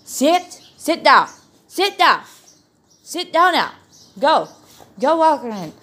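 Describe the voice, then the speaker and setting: A woman's voice: high voice, sing-song, takes it slowly, a bit bright. A young woman with a Brazilian accent, a native Portuguese speaker, vlogging casually and coaxing her pets with affectionate baby talk.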